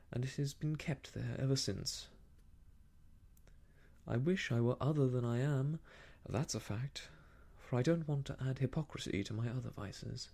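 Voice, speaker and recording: A man voicing an idle, uneasy young gentleman in a whispered role-play, hesitant and sheepish. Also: mid-range voice, creaky.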